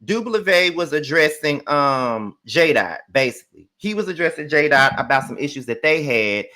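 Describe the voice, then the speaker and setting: A man hosts a casual reality show recap with sassy, profane commentary. His voice sits a little high and comes out bright and pushy. He rants with big, animated swings. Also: moderate pace. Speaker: host.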